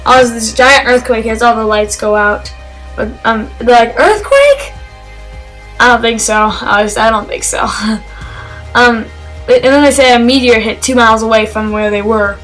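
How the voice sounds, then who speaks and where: A woman talks through a film review in a loose, casual way, stumbling over her words and restarting sentences. Her voice sits a little high and she sounds genuinely excited. Soft music plays faintly behind her. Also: normal speed, low-quality recording. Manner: rambling and hesitant, with many fillers and restarts; enthusiastic.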